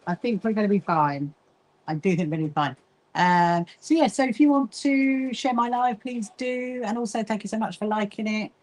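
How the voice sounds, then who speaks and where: Lady chatting away on her sewing livestream, mid pitch, says hi to viewers, keeps getting sidetracked. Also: moderate pace, poor audio. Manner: chatty, easily distracted, greets viewers by name. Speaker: livestream host, quilting association founder. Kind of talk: casual livestream chat while sewing.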